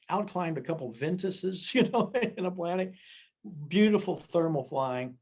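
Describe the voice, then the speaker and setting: A man's voice: a little high, a little mellow, highs cut off. A man in his seventies giving a gliding safety talk, telling folksy, joking stories to a club audience. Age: 70s.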